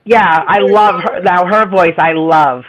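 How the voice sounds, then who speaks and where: A woman with a Boston accent and a raspy, nasal voice, rambling in casual chat. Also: on the low side, measured pace, crowd noise, poor audio. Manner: rambling, self-deprecating, laughs often. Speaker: livestream guest.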